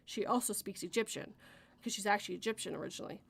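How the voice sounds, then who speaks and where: A woman's voice: mid-range voice, quick pace, vocal fry, a bit bright, husky. A woman from Canada hosting a casual podcast chat, rambling and correcting herself as she goes, often laughing. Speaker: podcast host.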